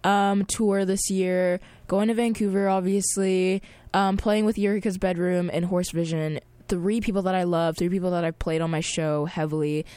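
Young woman radio host, twenty, slightly low voice, slangy excitable chat, dry close mic. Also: normal speed, smooth, dry recording. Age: 20s. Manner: chatty, lots of fillers and slang, excitable. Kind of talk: casual on-air chat.

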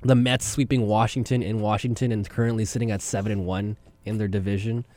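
A man's voice: lowish voice, fairly quick, no echo. A man co-hosting a casual sports podcast, chatting about baseball and laughing often. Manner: laughs often, lively banter. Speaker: podcast co-host.

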